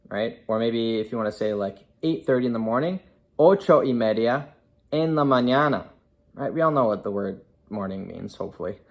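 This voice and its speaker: A young man, a chiropractor and native English speaker, giving a casual beginner lesson in a chatty, step-by-step way, now and then correcting himself mid-sentence. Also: medium pitch. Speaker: chiropractor teaching Spanish.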